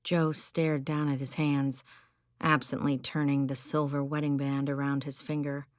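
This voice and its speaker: Audiobook narrator, woman, low gravelly voice, even scripted delivery, dry close mic. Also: a little slow, dry recording. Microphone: close studio mic.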